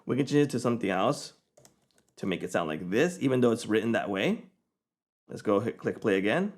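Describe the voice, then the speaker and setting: A man giving a casual, chatty screen-recorded software tutorial, often checking in with the viewer. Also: lowish voice, big pitch swings, brisk. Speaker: software reviewer.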